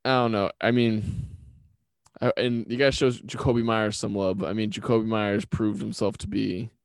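A man's voice: fairly low pitch, flat delivery, normal speed, vocal fry, dry recording. A man co-hosting a casual sports podcast, talking bluntly and with strong opinions. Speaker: podcast co-host.

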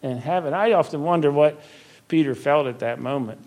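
A man's voice: a little high, a little mellow. Older guy, minister type, chatting about faith, earnest, laughs a lot, drags out the big words. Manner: earnest storytelling, laughs easily, slows for emphasis. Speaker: Christian minister. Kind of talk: conversational faith talk.

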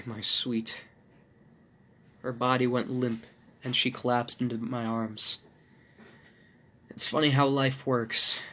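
A male podcast host with a mid-range voice narrates a first-person horror story. His delivery is measured and dark.

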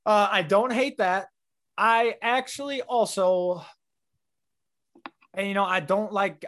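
A man's voice: fairly high pitch, fairly bright tone. A man co-hosting a casual sports talk show, often restarting his sentences as he thinks aloud. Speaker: podcast co-host.

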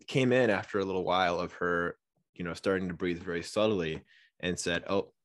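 A man co-hosting a podcast, telling stories in a casual, animated way and acting out the people in them. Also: low-pitched, moderate pace. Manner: animated storyteller who acts out voices. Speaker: podcast co-host.

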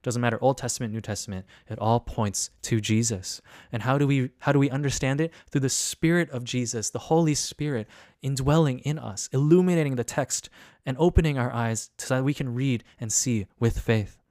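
A man's voice: medium pitch, fairly quick, darkish tone, dry recording, clean studio sound. A man preaching an earnest sermon with repeated questions and rising emphasis, speaking to listeners remotely. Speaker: pastor. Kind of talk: online sermon.

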